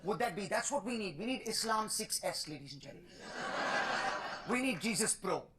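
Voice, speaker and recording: A man's voice: sits high, lively intonation, fairly quick, pushed and bright. A man with an Indian accent performing a stand-up comedy set with a punchy, playful delivery. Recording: TV studio stage with audience laughter. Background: crowd laughing.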